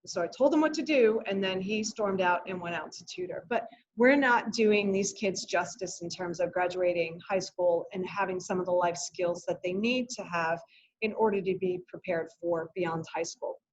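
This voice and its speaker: A woman's voice: on the low side, normal speed, a little hiss or hum. A woman teacher and parent, middle-aged, explaining a new school program to parents in an earnest, explanatory manner. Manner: earnest, explanatory, animated when retelling a story. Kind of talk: presentation to parents. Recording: dull lo-fi audio.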